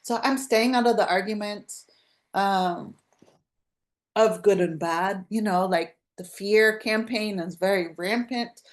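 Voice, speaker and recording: A woman's voice: medium pitch, slow pace. A woman hosting a live spiritual podcast over a video call, talking casually in a rambling, chatty way with frequent restarts. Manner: rambling, chatty, self-interrupting with laughs. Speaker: podcast host.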